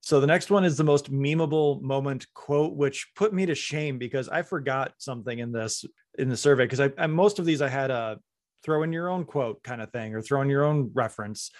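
A man's voice: mid-range voice, brisk, no echo. A man hosts a casual podcast chat, earnest and reflective. His voice sits in the middle range. The sound is dry and close. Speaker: podcast host.

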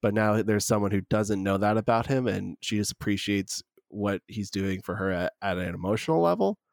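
A man casually discussing an old film with a co-host, relaxed and full of filler words. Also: fairly low pitch, normal speed, gravelly, no echo, studio quality.

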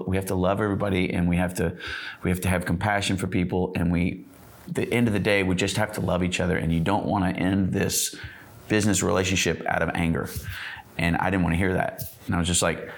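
A man's voice: low voice, creaky. A man with a Texan accent, telling stories in a casual podcast chat, rambling with many restarts. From Texas. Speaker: guest, singer-songwriter.

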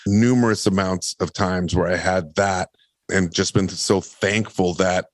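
A man, an actor and podcast guest, telling a long personal story in a lively, rambling way. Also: deep voice, a little slow, no room sound. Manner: animated, rambling anecdotes. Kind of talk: casual storytelling.

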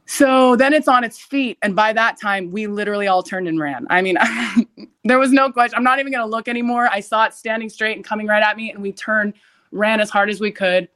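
A young adult woman on a podcast tells a frightening story in a brisk, mid-range voice. She's casual and animated, sprinkling in lots of "like" fillers and shouting quotes loudly.

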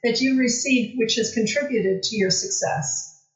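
Woman podcast host, fairly high voice, measured supportive interviewer, roomy echo. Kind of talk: interview hosting. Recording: echoey, dull remote audio.

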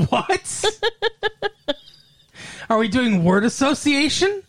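A woman co-hosting a casual chat, playful and teasing with deadpan jokes. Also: on the high side, extremely slow, no room sound.

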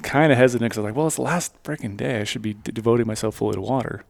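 Low gravelly guy telling a hunt story, dry close mic. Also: very fast, no echo. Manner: animated storyteller, quotes his own thoughts. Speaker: podcast co-host and hunter. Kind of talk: casual storytelling chat.

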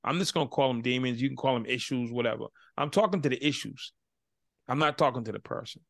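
A man who is the guest on an interview podcast, telling stories in a casual, animated way and acting out both sides of each dialogue. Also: mid-range voice, fast, creaky, no room sound, studio quality. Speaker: guest, motivational speaker.

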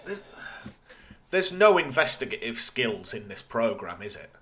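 A man's voice: mid-range voice, sing-song, unhurried, fairly bright tone. A man co-hosting a podcast, casually recapping an episode plot with wry, dry asides. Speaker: podcast co-host.

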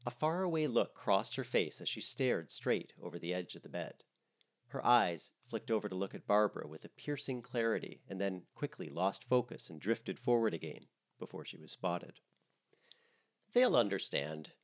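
A man reading a comic story aloud in a fairly low voice, his pitch rising and falling freely. The reading is expressive and animated, keeping the humor moving. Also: moderate pace. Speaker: narrator. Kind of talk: comedic audiobook narration.

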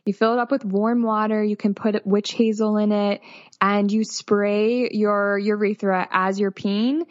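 A woman's voice: medium pitch, level tone, a little slow, no room sound. A woman in her thirties speaks as a nurse, explaining things plainly and reassuringly. The recording is dry and a little muffled, with no room sound. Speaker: postpartum nurse guest. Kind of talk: explanatory advice in interview.

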